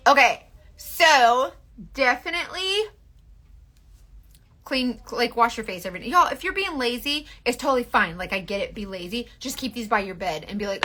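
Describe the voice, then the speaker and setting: A woman's voice: fairly high pitch, lively intonation, moderate pace, bright, forceful tone. A woman, hosting a casual makeup chat in a rambling way full of fillers. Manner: rambling, filler-heavy, restarts often. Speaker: beauty livestream host.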